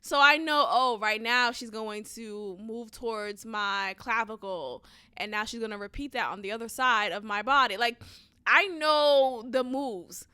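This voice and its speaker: A young adult woman hosting a podcast, ranting casually in an animated, profane way that flares into loud outbursts. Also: a little high, a little slow, clear, resonant tone, no room sound, clean studio sound. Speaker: podcast host. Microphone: close studio mic.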